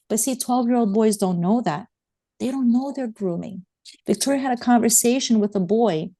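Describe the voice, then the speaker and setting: Earnest woman guest, a mother, pressing the point again and again, slightly high pitch. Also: normal speed, mellow. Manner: emphatic, urgent, repeats points. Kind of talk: interview conversation.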